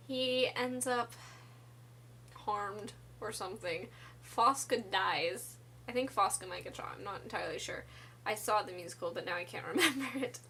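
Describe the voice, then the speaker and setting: A woman's voice: a little high, fairly bright tone, slight background noise. A woman casually recapping a musical's story for her vlog, rambling with lots of "like" and fillers and giggly asides. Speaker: musical theatre vlogger.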